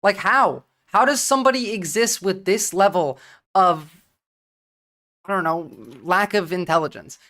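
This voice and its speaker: Lady streaming, blunt and sweary, rattling off opinions, middle pitch. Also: a bit bright. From New Jersey. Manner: blunt, profane, talks fast in bursts with restarts. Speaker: livestream political commentator. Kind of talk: casual livestream commentary.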